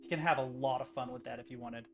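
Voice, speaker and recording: Gravelly-voiced man rambling casually. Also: medium pitch, steady tone, fast talker, soft background music. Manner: rambling, self-interrupting, swears casually. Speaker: streamer. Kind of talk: casual chat while making music on a computer.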